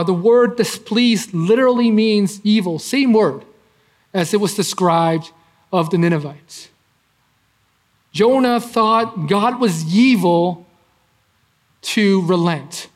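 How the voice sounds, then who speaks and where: High-voiced man teaching scripture earnestly. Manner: earnest, rhetorical questions, frequent restarts. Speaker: preacher. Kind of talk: conversational Bible teaching.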